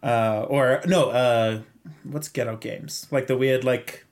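A man's voice: medium pitch, steady tone, slow. A young man with a Zimbabwean accent tells a story on a casual podcast. His voice sits in an ordinary middle range. He laughs often and slips into voices for the people he quotes. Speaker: podcast guest.

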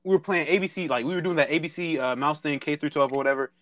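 A man's voice: on the high side, quick pace, fairly bright tone, dry recording. A young man casually telling a rambling, slangy story to friends and acting out the people in it. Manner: slangy, rambling, acts out quotes. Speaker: storyteller in group chat.

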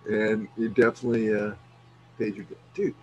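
A man's voice: lowish voice, moderate pace, dull audio, a little hiss or hum. A middle-aged man chatting casually, telling stories with lots of swearing and laughter. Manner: animated storyteller, swears freely, laughs often. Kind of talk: casual chat.

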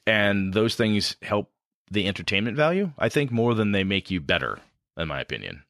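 A man's voice: lowish voice, sing-song, moderate pace, a bit bright, no echo, studio quality. A man talking casually on a podcast about running tabletop games, rambling and self-deprecating.

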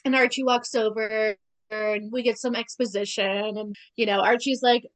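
A woman co-hosting a casual podcast, recapping a TV episode with sarcastic asides and quick acted-out lines of dialogue. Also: on the high side. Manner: animated, sarcastic, acts out character lines. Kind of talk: casual chat.

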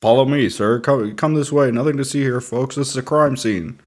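A man voicing a brusque police officer in a high, squeaky put-on voice. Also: fairly quick, close to an everyday voice. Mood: officious.

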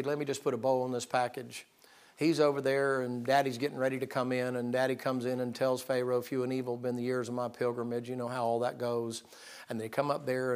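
Man, preacher, sermon, folksy, emphatic, mid pitch. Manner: folksy storytelling, emphatic and self-deprecating.

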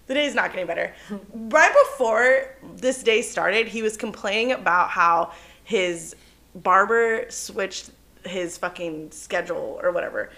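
A young woman co-hosting a podcast, telling a story in casual chat, animated and cursing freely, laughing as she goes. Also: medium pitch, unhurried. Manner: animated, swears often, laughs through her story. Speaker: podcast co-host.

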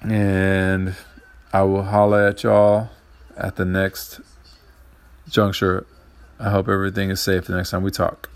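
A man's voice: low voice, completely flat delivery, measured pace, pauses often, clear, resonant tone. A man hosting a casual solo podcast from his garage, rambling and profane, getting heated at times. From Puerto Rican heritage. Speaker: podcast host. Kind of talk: casual monologue.

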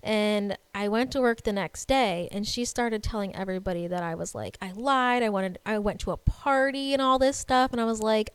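A woman's voice: on the high side, smooth, dry recording. A woman in her twenties telling a story in casual chat, with many "like" fillers. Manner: chatty, animated storytelling with laughs and "like" fillers.

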